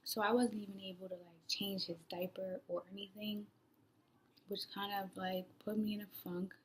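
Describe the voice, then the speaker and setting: A young woman telling her own story in a casual vlog, rambling with lots of "like" fillers and sometimes dropping to a soft near-whisper. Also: medium pitch, little pitch movement, normal speed, a little hiss or hum. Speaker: new mother vlogger.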